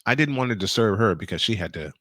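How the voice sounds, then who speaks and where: Animated New York man, bright voice. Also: lowish voice, dry recording, clean studio sound. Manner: animated storytelling, quick laughs. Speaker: podcast co-host. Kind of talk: casual chat.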